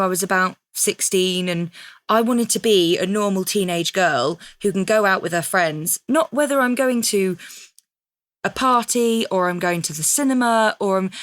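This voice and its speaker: A woman's voice: mid-range voice, normal speed, fairly bright tone, no room sound. A woman in her thirties, talking frankly and reflectively about her teenage years and acting out her own past thoughts. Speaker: podcast guest. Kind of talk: candid conversational storytelling.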